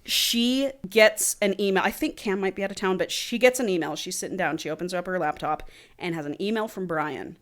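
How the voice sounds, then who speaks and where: A woman's voice: medium pitch, a little fast. A woman podcast host animatedly retelling a romance novel and reading passages aloud in casual, slangy speech.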